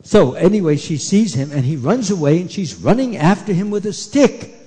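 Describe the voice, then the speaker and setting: A man telling a story to children at a temple, animated, asking them questions and hushing them. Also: high-pitched, moderate pace, breathy edge. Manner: animated, asks the kids questions, hushes them. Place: temple hall. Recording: echoey hall.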